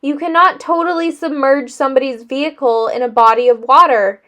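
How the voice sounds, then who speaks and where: A woman's voice: sits high, steady tone, fairly quick, bright, forceful tone. A woman reading a storybook aloud, voicing a practical older great-aunt who scolds firmly. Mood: firm, scolding.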